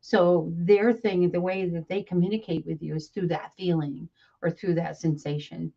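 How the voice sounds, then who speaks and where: A woman speaking as a psychic medium in a relaxed live chat, calm and measured as she explains things. Her voice sits somewhat low for a woman. The audio is a little dull and lo-fi. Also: gravelly. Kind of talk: casual conversation on a live broadcast.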